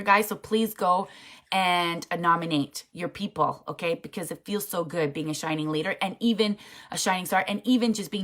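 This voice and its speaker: A woman's voice: fairly low pitch, fairly bright tone. A woman who leads a network marketing team, giving a casual, chatty motivational talk in a frank, emphatic manner.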